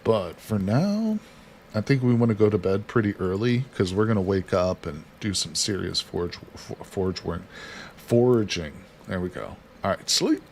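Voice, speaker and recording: Man, casual game stream host, chatty, reads viewer chat, slightly low voice. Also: animated, normal speed, creaky, a little mellow, slight background noise. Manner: chatty, reads chat aloud, talks himself through actions. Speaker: livestream host. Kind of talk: casual gameplay commentary.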